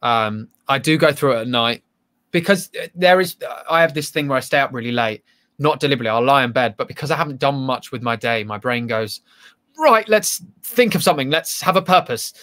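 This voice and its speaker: A man's voice: medium pitch, quick pace, fairly bright tone. A man, a stage actor, chatting casually in an interview, self-deprecating and full of restarts. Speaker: actor guest.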